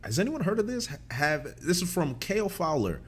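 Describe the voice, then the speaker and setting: A man who moderates a casual livestream panel, relaxed and quick to laugh as he reads out viewer messages. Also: high voice, slightly rough. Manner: laid-back, laughs easily, reads messages aloud. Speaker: moderator reading viewer questions.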